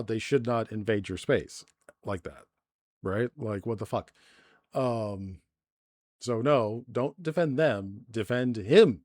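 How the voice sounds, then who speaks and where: Recorded dry with clean studio sound, this male-sounding livestreamer has a mid-range, slightly mellow voice. He rants through live news commentary, exasperated and very profane, talking loosely with lots of fillers.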